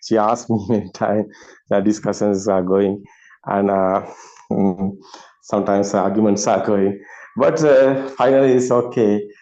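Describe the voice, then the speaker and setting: Male host, halting delivery, lots of fillers, laughs often; muffled video call sound. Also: fairly low pitch, dark tone. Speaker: discussion host. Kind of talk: casual video call discussion.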